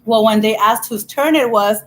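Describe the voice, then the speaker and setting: A woman's voice: on the high side, moderate pace, poor audio. A woman vlogger telling a childhood story in a chatty, laughing way, full of "you know". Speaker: vlogger host. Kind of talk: casual storytelling while eating.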